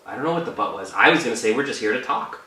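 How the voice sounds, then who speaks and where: A young man from Canada co-hosting a casual talk show, chatting in an animated, playful way. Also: medium pitch, racing. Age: young adult. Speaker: podcast co-host. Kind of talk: casual chat. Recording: echoey room, mic at a distance.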